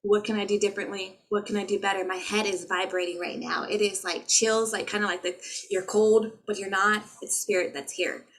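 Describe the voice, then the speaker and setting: A spiritual healer addresses her viewers in a casual spiritual vlog, her medium-pitched, fairly bright voice staying level and running a little fast. She is earnest and motivational, chanting light language, and the low-quality audio comes from a laptop mic.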